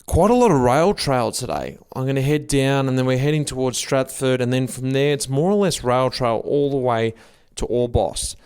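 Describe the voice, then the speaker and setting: A man's voice: mid-range voice, moderate pace, few pauses, a little mellow, clean tone, no room sound, clean studio sound. An Australian man hosting a podcast, chatting casually and matily with riding companions outdoors on a bike trip. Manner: chatty, matey banter. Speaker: podcast host. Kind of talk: casual on-the-road chat.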